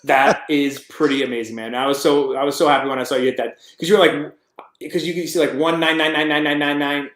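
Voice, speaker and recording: A man co-hosting a loose podcast chat, upbeat and quick to cut in with a teasing joke. His voice sits a touch high for a man. It rings around an echoey room. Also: fairly even intonation, a bit bright. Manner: upbeat, teasing, jumps in with jokes. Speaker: co-host.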